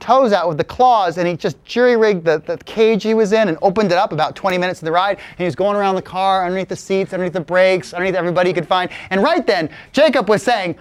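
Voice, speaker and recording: A man's voice: high voice, fast talker, hardly any pauses, clean tone, no room sound. A man telling a playful tall tale from his childhood to a live audience. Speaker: storyteller. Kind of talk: live spoken storytelling.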